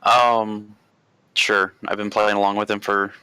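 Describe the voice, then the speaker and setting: Male player, low-ish smooth voice, bright, relaxed and bemused. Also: a little slow, no room sound, poor audio. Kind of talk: casual tabletop play.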